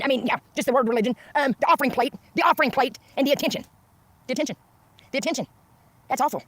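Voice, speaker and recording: A woman ranting on a livestream, profane and repetitive, swinging from wry laughter to shouting. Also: high voice, racing, pauses often. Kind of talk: angry livestream rant.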